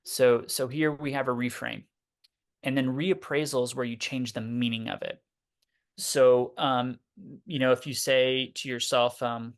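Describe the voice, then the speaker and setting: Speaking at a moderate pace, a therapist guest uses a mid-range voice with little pitch movement. His explanations stay loose and conversational, with occasional swearing and acted-out examples of the voice in one's head.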